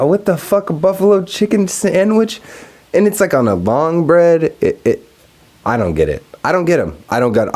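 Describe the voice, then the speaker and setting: Animated, profane young man ranting. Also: mid-range voice. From Texas. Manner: profane, animated, laughs often. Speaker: podcast host. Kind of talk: casual solo podcast rant.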